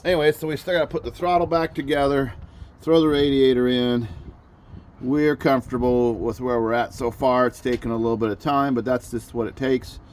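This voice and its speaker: A father who hosts a backyard mechanic channel works on a car outdoors as rain starts, in a backyard garage area. His medium-pitched, darkish voice is steady and fairly quick, and he's chatty and jokes at his own expense.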